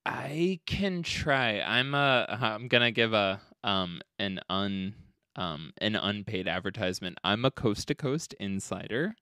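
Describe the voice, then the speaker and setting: A man's voice: fairly low pitch, lively intonation, measured pace, bright, forceful tone, clean tone, dry recording, clean studio sound. A man co-hosting a podcast, talking casually, swearing freely and laughing often while retelling a story. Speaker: podcast co-host.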